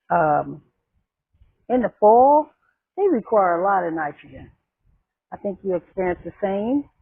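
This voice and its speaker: A woman's voice: fairly low pitch, breathy edge, no echo, narrow, tinny audio. A woman vlogging in her garden, talking casually and rambling with restarts as she waters and plants. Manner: chatty, rambling, with many restarts. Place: outdoors in a garden. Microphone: camera microphone.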